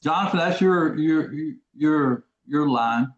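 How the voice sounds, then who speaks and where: A man's voice: on the high side, slow pace. A man hosting a casual live trading webinar, folksy and repetitive, who quizzes his audience. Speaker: trading course host. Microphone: video call. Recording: echoey, dull lo-fi audio.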